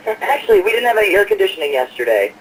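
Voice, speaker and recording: A man's voice: sits high, big pitch swings, quick pace, a bit bright, distant mic, a little hiss or hum, low-quality recording. A man calling in as a guest singer, talking easygoing and rambling with fillers. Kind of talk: casual interview over the phone.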